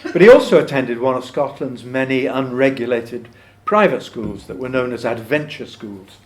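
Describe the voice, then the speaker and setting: A man's voice: mid-range voice, normal speed. A man speaking at a folk club, explaining a poet's life with dry, joking asides and reciting a poem aloud. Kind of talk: talk with poetry recitation to a live audience.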